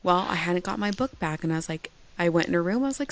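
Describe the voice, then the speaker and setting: A woman's voice: lowish voice, quick pace. A woman in her forties, a bookstore founder and podcast guest, telling stories animatedly, swearing and acting out quoted dialogue. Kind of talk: casual podcast chat.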